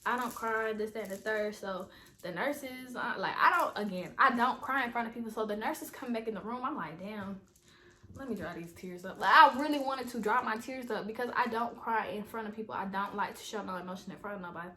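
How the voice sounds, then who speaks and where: A woman's voice: a little high, fairly quick, sharp tone. Chatty young woman telling a storytime. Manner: chatty, rambling, talks straight to viewers as "y'all". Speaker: vlogger. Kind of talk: casual storytime vlog.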